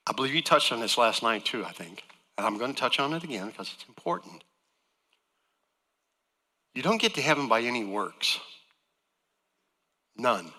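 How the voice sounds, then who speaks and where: Man, guest preacher, bright forceful tone, lively pitch, long reverb of a church hall. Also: moderate pace, long pauses. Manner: earnest preaching, voice swinging from loud emphasis to soft. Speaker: guest speaker. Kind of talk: sermon. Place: church sanctuary.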